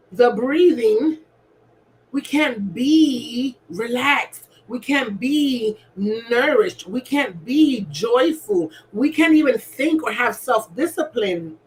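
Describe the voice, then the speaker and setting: A woman's voice: fairly high pitch, fairly bright tone, slight background noise, rough recording. A woman speaking as a wellness coach, coaxing her listeners and often asking "right?" as she guides them through breathing. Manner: coaxing, keeps asking "right?", acts out gasps. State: asthmatic. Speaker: alignment coach. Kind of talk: motivational wellness talk.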